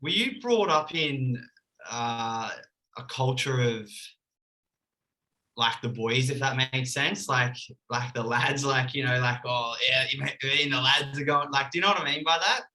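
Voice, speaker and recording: A man's voice: medium pitch, unhurried, pushed and bright, low-quality recording. A young Australian man, a podcast guest on a video call, talking earnestly and candidly, saying "bro" and "like" a lot. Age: young adult. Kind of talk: casual podcast chat over video call.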